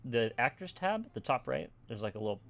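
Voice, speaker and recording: An easygoing man narrates a tabletop game as its game master, his pitch sitting in the middle of the male range. He talks loosely and full of fillers, pausing often to ask his players "right?". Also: creaky. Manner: relaxed, filler-heavy, checks in with "right?".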